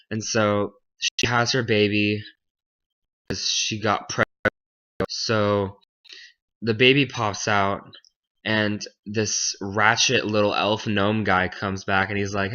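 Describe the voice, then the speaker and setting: A man's voice: lowish voice, level tone, slow pace, bright, forceful tone. Young man retelling a fairy tale flippantly. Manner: flippant, jokey, acts out characters in passing. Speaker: storyteller. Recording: dull lo-fi home recording.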